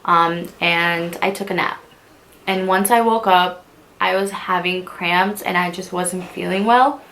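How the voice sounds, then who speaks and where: A woman in her twenties recounting her own story to camera, slipping into fillers as she holds back tears. Her voice has a gravelly, creaky texture. A faint noise sits under the recording. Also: lowish voice, steady tone, a little slow, fairly bright tone. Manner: tearful, talks through emotion with many fillers. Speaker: vlogger. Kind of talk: emotional personal storytelling.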